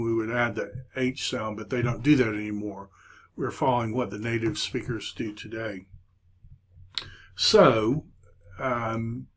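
A man teaches a Hebrew lesson at an unhurried, measured pace. He stops often to hunt for words, with a voice pitched in the ordinary middle range. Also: breathy edge. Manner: hesitant, many filler pauses. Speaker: Hebrew instructor. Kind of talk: recorded lecture.

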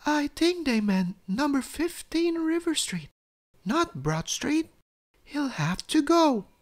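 A man voicing a gentle, kindly mother in a bedtime storybook, speaking softly and fondly. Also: extremely high pitch, very animated, slow, pitched above the performer's own voice, heavily acted. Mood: worried.

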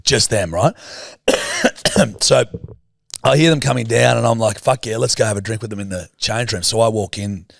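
A man's voice: lowish voice, moderate pace, vocal fry, long pauses, dry recording, clean studio sound. A young Australian man co-hosting a podcast, telling sweary stories in casual chat. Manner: sweary, storytelling with put-on voices. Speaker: podcast co-host.

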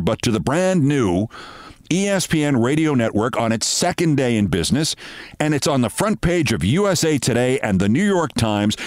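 A man in his sixties, hosting and telling a brisk anecdote, acting out the dialogue of the people in it. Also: mid-range voice, dry recording. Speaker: host. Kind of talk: anecdotal storytelling monologue.

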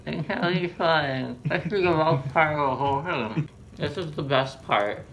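Deadpan man chatting in a noisy kitchen. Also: fairly high pitch, normal speed. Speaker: channel host. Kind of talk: casual chat while baking. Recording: noisy home recording.

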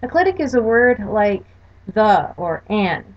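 A woman's voice: medium pitch, big pitch swings, unhurried. Woman teaching a slide lecture, careful explaining, kinda muffled lo-fi audio. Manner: explanatory, careful spelling-out of examples. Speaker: language course lecturer. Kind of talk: recorded lecture over slides. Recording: dull lo-fi recording.

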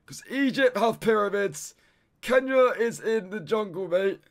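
This young streamer has a high voice with lively intonation and an unhurried pace. Playing a guessing game live, he commentates casually, swearing in frustration and calling out "mate" almost constantly.

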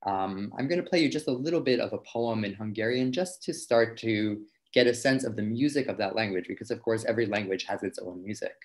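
A man with a somewhat low voice gives an informal talk as a violinist. He explains things thoughtfully and often stops to restart a phrase as he searches for the right words. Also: a little fast, hardly any pauses. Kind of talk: informal lecture.

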